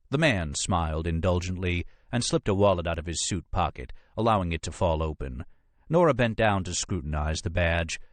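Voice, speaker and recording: A man reading a thriller audiobook in measured, expressive scripted narration. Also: deep voice, dry recording.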